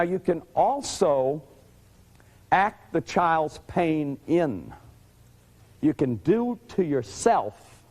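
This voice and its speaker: A man's voice: medium pitch, darkish tone. A middle-aged man giving an earnest, confessional lecture on family therapy, often repeating his key phrases. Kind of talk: lecture to a live audience.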